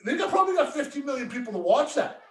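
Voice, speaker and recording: Rambling high-voiced man, roomy and off-mic. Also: sing-song, very fast, a bit bright, distant mic. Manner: rambling, full of "like" and swearing. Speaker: podcast co-host. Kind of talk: casual chat. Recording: roomy echo, away from the mic.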